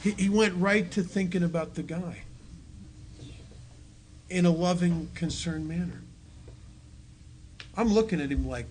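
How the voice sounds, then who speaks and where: A man's voice: fairly high pitch, normal speed, pauses often. A middle-aged man, a speaker at a recovery meeting, tells his story to an audience with self-mocking jokes. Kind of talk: personal recovery talk to an audience. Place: meeting hall with a live audience.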